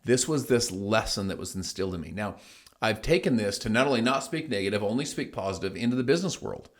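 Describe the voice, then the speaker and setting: A man's voice: fairly low pitch, lively intonation, fast. A middle-aged man hosting his own show, telling a motivational story in an emphatic way and acting out the people he quotes. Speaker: host. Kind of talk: motivational monologue.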